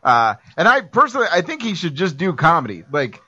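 A man co-hosting a casual podcast, talking excitedly, laughing often and swearing casually. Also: fairly high pitch, brisk, slightly rough. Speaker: podcast co-host. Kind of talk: casual chat. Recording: dull lo-fi sound.

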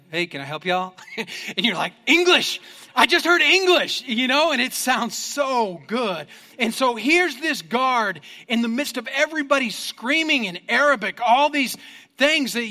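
A man in his thirties preaching a sermon, telling the story with lively energy and getting the congregation to join in. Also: high-pitched. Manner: lively storytelling with audience participation. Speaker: pastor. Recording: echoey hall recording.

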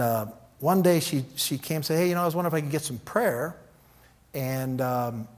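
Casting note: male pastor, fairly high voice, relaxed sermon storytelling, animated, acts out the voices in his stories. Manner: casual, animated, acts out quoted dialogue.

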